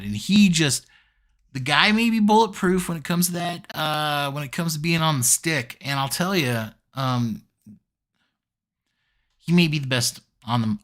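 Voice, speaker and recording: A man's voice: fairly high pitch, fairly bright tone. A man giving a casual solo review of a wrestling show, chatty with lots of fillers and easy laughs.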